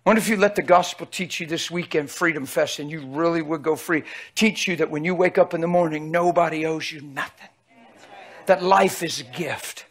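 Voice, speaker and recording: A man's voice: a little high, normal speed. A man preaching a sermon in an emphatic, folksy way, repeatedly calling out to his audience.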